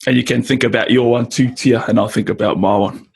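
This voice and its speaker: A young man hosting a casual chat with friends, animated and laughing a lot as he acts out film lines in voices. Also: medium pitch, fairly quick, vocal fry, background noise. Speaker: podcast host.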